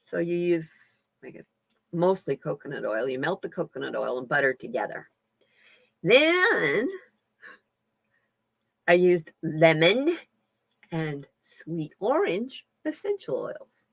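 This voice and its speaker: A woman's voice: low-pitched, very animated, slow pace, vocal fry, long pauses, slightly rough, dry recording. A woman hosting a casual live-stream chat as a card reader, folksy and laughing often.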